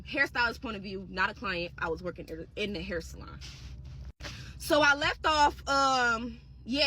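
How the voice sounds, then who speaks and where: A woman's voice: on the high side, sharp tone, a little hiss or hum. A young woman hairstylist telling a casual storytime straight to her viewers, blunt and profane.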